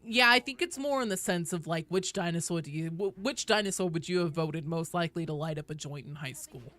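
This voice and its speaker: A woman in her thirties streams a game and chats casually with her viewers, joking and answering their questions. Her voice is bright and lively, and now and then she breaks into loud, sweary outbursts. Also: fairly low pitch, brisk, dry recording.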